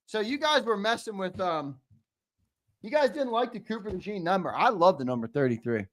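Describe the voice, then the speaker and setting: High-voiced man bantering loudly with viewers. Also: sing-song, brisk. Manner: profane, teasing, loud banter. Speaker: host. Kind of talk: casual livestream chat.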